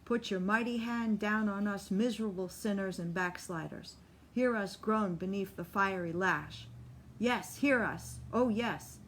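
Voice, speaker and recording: A woman's voice: medium pitch, measured pace, slight background noise, natural voice. A woman voicing a tormented male tent-revival preacher who pleads and cries out in impassioned calls. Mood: fervent pleading.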